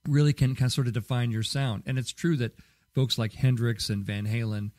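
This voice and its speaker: A man's voice: medium pitch, fairly even intonation, brisk, a little mellow, no echo, studio quality. A man hosting a podcast in casual solo talk, rambling with many fillers and restarts. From Southern California. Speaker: podcast host.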